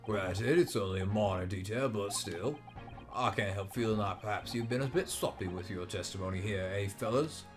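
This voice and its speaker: A man voicing a gruff middle-aged police inspector who speaks in a low, deliberate voice. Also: music in the background, close to an everyday voice.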